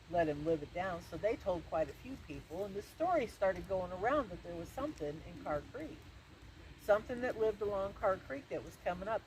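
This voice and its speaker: A woman telling a spooky story in a folksy, halting way, with many restarts. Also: medium pitch, darkish tone, a little hiss or hum, rough recording. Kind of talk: spoken ghost-story telling. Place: outdoor event.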